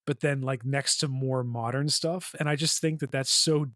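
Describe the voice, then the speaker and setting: A man chats casually as a podcast co-host, circling his points with frequent fillers. His voice is mid-pitched and recorded close on a dry mic. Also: steady tone, normal speed, sharp tone, no echo. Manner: rambling, heavy "like" and "you know" fillers. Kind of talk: casual chat.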